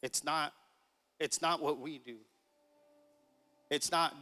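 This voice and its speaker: A man's voice: a little high, steady tone, takes it slowly, bright, forceful tone. A man in his thirties preaching a sermon, telling a family story in a casual, chuckling way and acting out the dialogue. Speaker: pastor. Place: church sanctuary. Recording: long reverb of a church hall.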